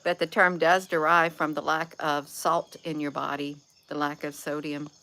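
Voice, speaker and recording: A woman's voice: low-pitched, flat delivery, moderate pace, bright, forceful tone. A woman vlogger talking to camera in a rambling, folksy, chatty way. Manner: folksy, chatty, drifts between topics. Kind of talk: rambling casual monologue.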